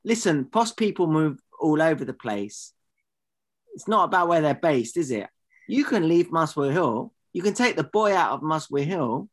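Male co-host, rambling indignant banter, pitched a little high. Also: expressive, moderate pace, a bit bright. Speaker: podcast co-host. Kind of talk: comedy podcast banter.

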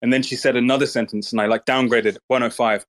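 A man talking in a casual online audio chat, with a blunt and mocking manner and plenty of swearing. His voice sits at an ordinary middle pitch. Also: fairly even intonation, fast talker, a bit bright. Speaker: Twitter space speaker.

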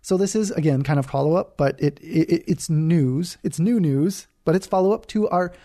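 Male co-host, mellow dark tone, dry close sound, casual halting chat. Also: fairly high pitch, no echo. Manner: halting, restarts often, playful. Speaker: podcast co-host.

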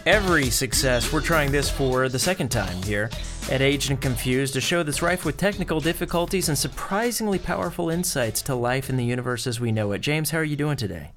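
A man's voice: medium pitch, animated, fairly quick, music in the background. A middle-aged American man co-hosting a podcast, joking and rambling through stories in a casual chat. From United States. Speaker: podcast co-host.

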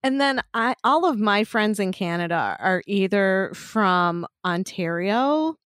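A woman with a medium-pitched voice co-hosts a podcast in casual chat, rambling, swearing, and laughing often. The recording is dry, with clean studio sound.

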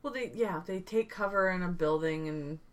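A woman's voice: on the low side, moderate pace, far from the mic. A woman co-hosting a podcast, dropping quippy one-liners in a casual recap of an episode. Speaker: podcast co-host.

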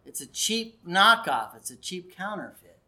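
A man's voice: high voice, very animated, measured pace, pushed and bright. A middle-aged male pastor giving an earnest, conversational sermon that builds to raised emphasis.

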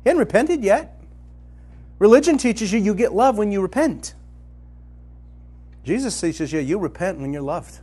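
A man teaching from the Bible in a conversational, colloquial style, telling the story vividly and swinging from loud to hushed. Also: high voice, lively intonation, normal speed, long pauses, slightly rough. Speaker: preacher.

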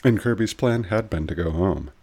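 A man's voice: deep voice, animated, moderate pace, darkish tone, husky. A man hosting and narrating a serialized story podcast in a playful, upbeat way. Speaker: host and narrator. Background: music.

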